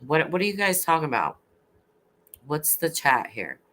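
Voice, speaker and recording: A woman hosts a casual late-night live stream, chatting and rambling with viewers, saying "like" a lot and laughing quickly. Her voice sits low, with a sing-song, slightly bright quality.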